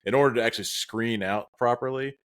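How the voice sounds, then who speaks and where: A man co-hosting a podcast, explaining game moves in a relaxed, casual chat. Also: medium pitch, brisk. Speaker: podcast co-host.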